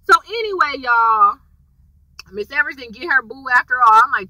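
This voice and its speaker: A woman giving a casual, animated recap of a TV episode and talking straight to her viewers. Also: sits high, normal speed, dry recording, rough recording. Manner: chatty, animated storytelling, addresses viewers directly. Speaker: TV episode reviewer.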